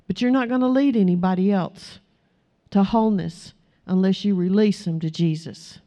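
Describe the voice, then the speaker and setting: Woman preacher, earnest exhorting sermon, warm mellow tone. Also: mid-range voice, moderate pace. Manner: earnest, exhorting, acts out quoted prayers.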